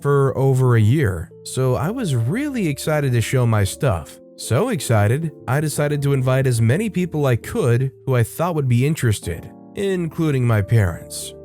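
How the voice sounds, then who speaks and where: A man reads online stories and chats about them in a casual, wry way. His voice is mellow and mid-pitched. A faint guitar plays underneath. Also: big pitch swings, normal speed, few pauses. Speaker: storytime narrator. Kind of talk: reading Reddit stories with commentary. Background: faint guitar music.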